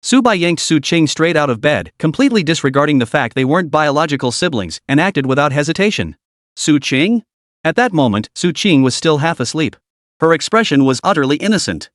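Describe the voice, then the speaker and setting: An animated male narrator reading a web novel aloud. His voice sits a bit high and moves up and down a lot. The sound is dry and close, with no room echo. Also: a little fast.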